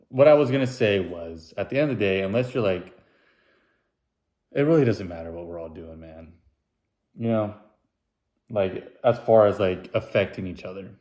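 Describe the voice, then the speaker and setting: Young adult male podcast host, low-ish voice, rambling and self-deprecating, goofy put-on voices for quotes. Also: a little mellow. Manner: rambling, self-mocking, jokey asides; puts on silly high voices when quoting. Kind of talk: casual solo podcast monologue.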